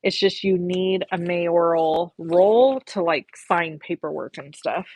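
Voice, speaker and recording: A woman with a lowish, husky, somewhat dark voice takes her time as she hosts a card-making livestream. She chats casually with viewers while she crafts, reads their comments aloud, and swears a little.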